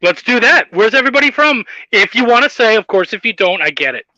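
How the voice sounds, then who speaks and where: A man's voice: high-pitched, sing-song, fast talker, sharp tone, no room sound. A man hosting a casual interview over a video call, laughing often and retelling stories in funny voices. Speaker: podcast host. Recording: dull muffled sound.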